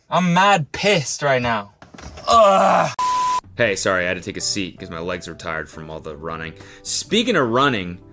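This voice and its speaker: A man's voice: fairly low pitch, a bit bright. A young man narrating his own vlog in a casual, jokey, profane way. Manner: profane, jokey, self-mocking. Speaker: vlogger.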